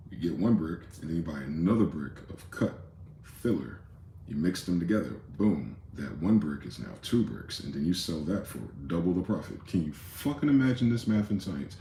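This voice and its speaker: A man's voice: low voice, dark tone, reverberant, slight background noise. A man hosting a rambling late-night monologue, profane and conspiratorial in tone, with many asides. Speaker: host.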